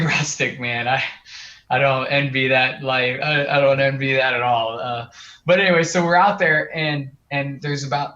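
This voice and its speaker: A young man, a guest on an interview show, telling a story in an earnest, animated way with many fillers and restarts. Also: medium pitch. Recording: muffled lo-fi audio.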